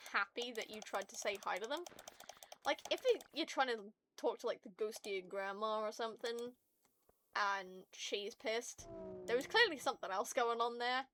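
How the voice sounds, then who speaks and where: A woman streamer chats with her viewers, her voice sitting a little on the high side as she rants with animated, foul-mouthed energy. Faint keyboard clicks and typing sit behind her at the desk mic. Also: normal speed, a little hiss or hum. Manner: profane, animated ranting. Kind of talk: casual chat with stream viewers.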